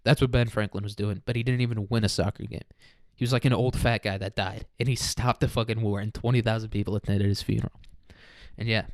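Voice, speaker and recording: A man's voice: fairly low pitch, steady tone, quick pace, no echo, clean studio sound. A young man hosting a casual solo podcast, rambling, profane and jokey. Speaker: podcast host.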